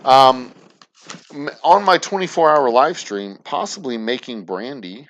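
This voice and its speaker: A man's voice: medium pitch, lively intonation, unhurried, a bit bright. A man hosting a casual livestream chat, rambling, profane and self-deprecating. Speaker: distillery show host.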